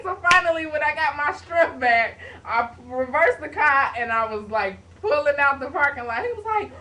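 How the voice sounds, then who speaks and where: A young woman with a high, bright voice tells a story in an animated, casual way, with sound effects. She is a little way from a webcam mic indoors, with a faint hiss underneath. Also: brisk, distant mic, low-quality recording. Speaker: vlogger.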